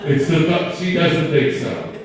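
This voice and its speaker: A man's voice: on the high side, unhurried. Rambling stand-up man in a roomy venue. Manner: rambling, self-deprecating banter with the crowd. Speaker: stand-up comedian. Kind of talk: stand-up set. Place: live comedy venue. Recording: roomy, distant live room recording.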